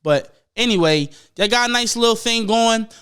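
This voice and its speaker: A young man hosting a podcast, ranting casually and profanely about football, rambling and mimicking people in quick asides. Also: very high-pitched, lively intonation, fairly bright tone, smooth. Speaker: podcast host. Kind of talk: casual sports rant.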